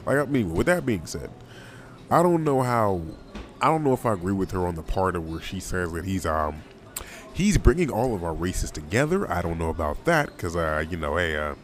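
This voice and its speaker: Rambling young man, low-pitched, slangy. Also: big pitch swings, moderate pace, a little hiss or hum. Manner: rambling, loose, slangy, often laughs and repeats himself. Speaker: podcast host. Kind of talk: casual solo podcast monologue.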